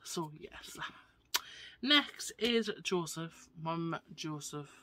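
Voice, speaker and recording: A woman's voice: low voice, animated, extremely slow, bright, forceful tone. A woman vlogger chatting casually to camera, gushing and often tagging her sentences with "right?". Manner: gushing, keeps asking "right?".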